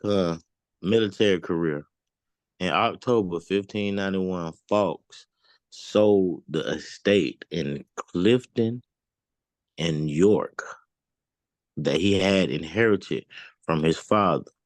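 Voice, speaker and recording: A man reading a history text aloud in class, halting and careful over the words. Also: low voice, dry recording. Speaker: student.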